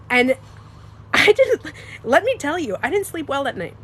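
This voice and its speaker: A woman talking casually to her live-stream viewers, animated and emphatic, swearing and laughing as she goes. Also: high-pitched, moderate pace, slight background noise. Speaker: beauty coach and vlogger.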